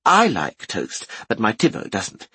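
A man reading an audiobook and voicing a tiny, brisk, motherly woman who runs an inn kitchen, speaking slowly and softly with a breathy edge. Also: lowish voice, huge pitch swings, dry recording, full character voice. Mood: brisk kindly.

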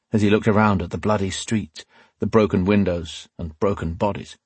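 A man reads a fantasy novel aloud at a measured, steady pace. His voice sits low with a husky grain. The recording is dry and close, with no room sound. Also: no echo. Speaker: audiobook narrator. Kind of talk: scripted fantasy narration.

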